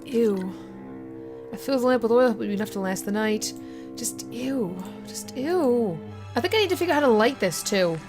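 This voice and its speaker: A woman's voice: a little high, animated, quick pace, music in the background. A woman playing through a horror game, reading its text aloud and reacting casually, often swearing or saying she is grossed out. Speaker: gaming video host.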